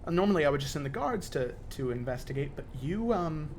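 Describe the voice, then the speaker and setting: A man's voice: on the high side, expressive, vocal fry, darkish tone, slight background noise. Man doing a hesitant woman mayor. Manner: hesitant, halting. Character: female town mayor, hesitant and official.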